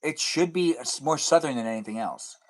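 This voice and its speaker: A man's voice: on the high side, lively intonation, fairly quick. Man, livestream host, casual rambling chat, playful, stretches words out.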